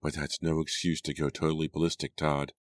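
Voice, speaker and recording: A man's voice: a bass voice, level tone, brisk, no room sound. A man doing a firm, no-nonsense teenage girl. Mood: stern. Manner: firm, snapping. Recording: dry close recording.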